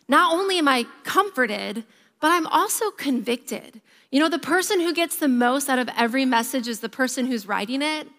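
A woman in her thirties, a pastor giving a sermon and telling stories with a lively, varying pace. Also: high voice. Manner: lively storytelling, varied pace. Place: church auditorium. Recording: reverberant church hall.

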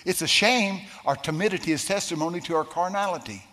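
A man preaching a sermon, telling a personal story in a folksy, animated way with some stammering. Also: sits high, fast talker. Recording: long reverb of a large hall.

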